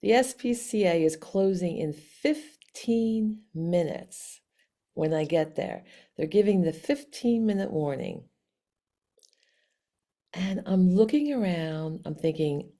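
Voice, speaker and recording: A woman tells a personal story in a chatty, animated way, often breaking off and restarting. Her voice is mellow and soft-edged, pitched in a middle range. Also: takes it slowly. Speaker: vlog host.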